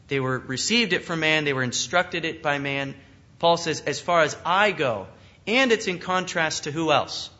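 Brief: male preacher, earnest expository sermon, bright forceful tone, slightly raised pitch, muffled lo-fi recording. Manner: earnest, emphatic, asks the congregation questions.

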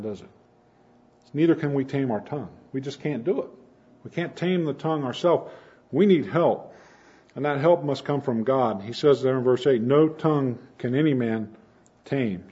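A man with a husky, slightly breathy voice preaching earnestly, building to emphatic points and then easing off quietly. His voice sits at an ordinary middle pitch. The recording sounds dull and lo-fi. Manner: earnest preaching with rising emphasis and soft drops. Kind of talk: sermon.

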